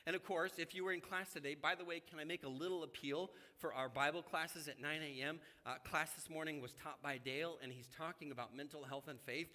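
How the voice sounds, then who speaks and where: Male preacher, fairly high bright voice, lively sermon delivery, church hall echo. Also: a little fast, few pauses. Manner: conversational, animated, addresses congregation directly. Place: church sanctuary.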